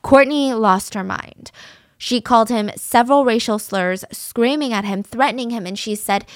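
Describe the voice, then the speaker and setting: A woman's voice: on the high side, normal speed, dry recording, studio quality. A woman telling a true-crime case in a casual, conversational, opinionated way, using fillers like "so" and "like".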